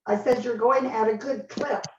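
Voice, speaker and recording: A woman's voice: on the high side, fairly even intonation, dull audio. A woman joining an online exercise class, making friendly remarks to the instructor. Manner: slow, friendly chatter with laughs. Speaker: class participant. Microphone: video call. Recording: roomy video call audio with faint noise.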